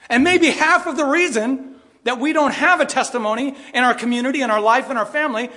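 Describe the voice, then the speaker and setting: A man's voice: very high-pitched, a bit bright, big-room sound. A middle-aged male pastor preaching a sermon, firing rhetorical questions and briefly mimicking other voices.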